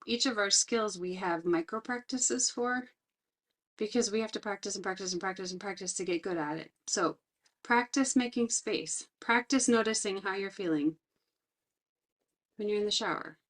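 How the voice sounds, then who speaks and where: A middle-aged woman talks earnestly about her own experience while teaching resilience skills. Her voice sits at a middle pitch. She slows down deliberately to lean on the important words. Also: fairly bright tone. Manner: reflective, earnest, slows down to stress key words. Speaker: resilience trainer. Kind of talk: personal talk with teaching.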